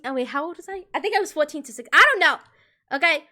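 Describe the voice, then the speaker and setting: A young woman streamer telling a rambling, animated story in casual chat, full of restarts and giggles. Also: sits high, quick pace.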